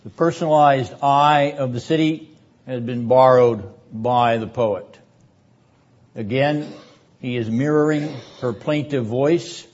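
An older man teaching a seminary class on scripture in a measured, deliberate lecture style. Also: medium pitch, a little mellow. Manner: measured, deliberate delivery, rising in force for quoted verses. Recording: dull lo-fi lecture recording.

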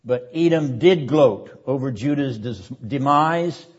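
An older man teaching a seminary class on scripture, speaking deliberately and emphatically, repeating words for rhythm and often clearing his throat. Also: medium pitch, animated, darkish tone. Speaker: seminary lecturer. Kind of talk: classroom Bible lecture. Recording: dull lo-fi lecture recording.

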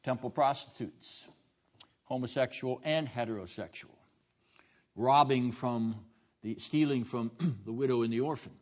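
A man's voice: mid-range voice, a bit bright. A man teaching a seminary classroom lecture, stressing his points with rhetorical questions and calling on students by name. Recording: dull lo-fi classroom recording.

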